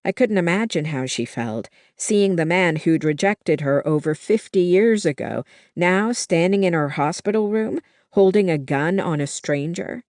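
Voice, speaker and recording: Measured audiobook narrator, unhurried, dry close sound. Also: medium pitch, lively intonation, darkish tone, no room sound. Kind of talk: first-person novel narration.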